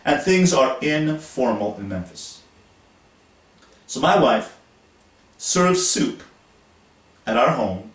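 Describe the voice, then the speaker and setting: A man from Montreal, Canada, hosting an instructional talk to camera in a slow, deliberate, explanatory way. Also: fairly high pitch. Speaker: host. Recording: roomy echo, voice from a distance.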